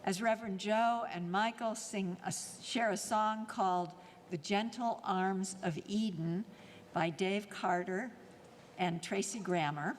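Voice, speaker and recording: A woman in the role of lay worship leader reads the offertory in a steady, formal manner. Her voice sits in an ordinary middle range. It rings out into a church hall with a long tail of reverb and faint room ambience underneath. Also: mid-range voice, slight background noise. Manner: measured, formal invitation to give. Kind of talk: reading the offertory. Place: church sanctuary.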